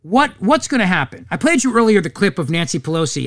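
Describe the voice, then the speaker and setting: A man with a fairly high, very lively voice hosting a commentary show, sarcastic and mocking. The sound is close and dry, with no room around it. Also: fast, few pauses, no room sound. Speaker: radio talk show host. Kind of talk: opinionated commentary.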